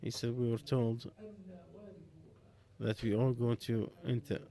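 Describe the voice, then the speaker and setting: Slow, halting man giving Quran commentary. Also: mid-range voice, little pitch movement, dark tone. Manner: slow, halting, with pauses and restarts. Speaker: Quran interpreter. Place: mosque.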